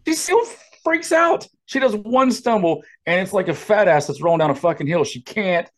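A man's voice: sits high, expressive, a little fast. A man co-hosting a casual podcast, rambling and sarcastic, swearing often, on a podcast microphone. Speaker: podcast co-host. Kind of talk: casual profane podcast chat.

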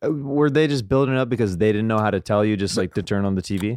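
A man's voice: on the low side, fairly even intonation, quick pace, darkish tone, no echo, studio quality. A man in his thirties from Kansas, a comedian guest talking in easygoing, casual conversation. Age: 30s.

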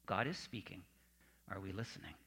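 Earnest man preaching, bright tone. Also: deep voice, a little fast, slightly rough. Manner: earnest preaching, dropping soft for emphasis. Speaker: pastor. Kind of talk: sermon.

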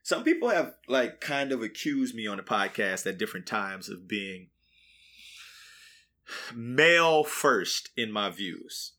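A man's voice: on the low side, big pitch swings, slow, sharp tone. A young man co-hosting a podcast, telling stories in loose, slangy casual chat. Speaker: podcast co-host.

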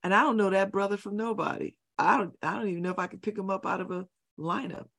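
A woman's voice: medium pitch, fairly even intonation, fast talker, creaky, a bit bright. Middle-aged woman on talk radio, preachy, repeats herself for emphasis, ranting about love and respect. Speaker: radio show host. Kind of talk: opinionated talk radio monologue. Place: radio studio.

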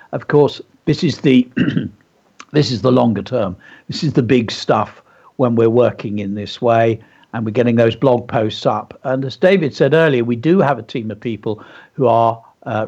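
A man hosts a radio show about writing, explaining a poem with enthusiasm and plenty of ums and uhs, his pitch moving in an animated way. His voice is slightly husky, and the broadcast sound is dull and lo-fi. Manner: enthusiastic, explanatory, many fillers. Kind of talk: instructive radio talk.

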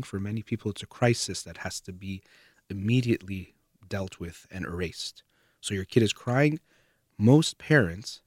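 Man, low voice, measured explainer tone, earnest, dry close sound. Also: no echo. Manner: calm, measured, earnest, trailing off softer at phrase ends. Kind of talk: explanatory talk to camera.

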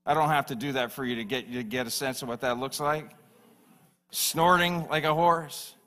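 A man's voice: mid-range voice, normal speed, pushed and bright. A man preaching a sermon as pastor, emphatic and repeating phrases for stress.

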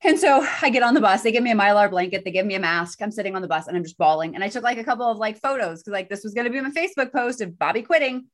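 A woman co-hosting a podcast, telling a personal story in casual chat with a lively, self-deprecating manner. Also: mid-range voice, rapid-fire, few pauses. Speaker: podcast co-host.

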